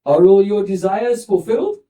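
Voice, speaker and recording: A man's voice: sits high, lively intonation, normal speed, mellow, far from the mic. A man voicing a playful young female cowherd girl who teases her rival in a sacred storytelling lesson. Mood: teasing. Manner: sly, teasing.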